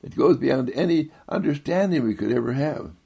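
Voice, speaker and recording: A man giving a gentle inspirational monologue, soft-spoken and rambling, repeating himself and chuckling often. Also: expressive, normal speed, vocal fry, slightly rough. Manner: swoops high when quoting others.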